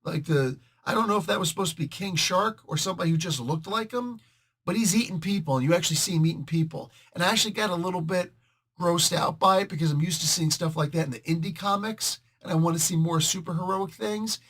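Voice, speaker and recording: A man hosting a casual comic book review video, joking and animated and talking straight to his viewers. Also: high voice, quick pace.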